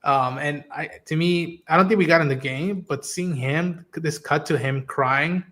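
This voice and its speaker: A man co-hosting a podcast, chatting excitedly and swearing a lot while acting out lines. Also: on the high side, unhurried. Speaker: podcast co-host. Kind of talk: casual chat. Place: home studio.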